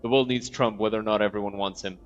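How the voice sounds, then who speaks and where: Here a man streams a video game, talking quickly in a fairly low, fairly even voice while he rambles and curses without restraint. It's casual gameplay chat captured in dull lo-fi audio, faint game music underneath.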